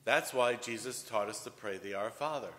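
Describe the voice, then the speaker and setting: A man preaching a sermon as homilist, telling a story in a deliberate way with wide swings in loudness. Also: on the low side. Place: church. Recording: long church reverb.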